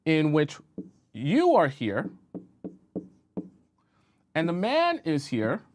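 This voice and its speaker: A man's voice: a little high, huge pitch swings, very slow, darkish tone, a little hiss or hum. A man talking as a dating coach on a live-stream advice show, conversational and often checking in with his audience. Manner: conversational, checks in with rhetorical questions.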